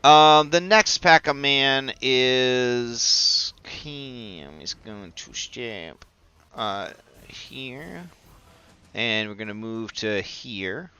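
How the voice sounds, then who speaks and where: Male player, slow and bright, excitable, dull dry recording. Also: mid-range voice, smooth. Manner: excitable and chatty. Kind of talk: playing a tabletop game.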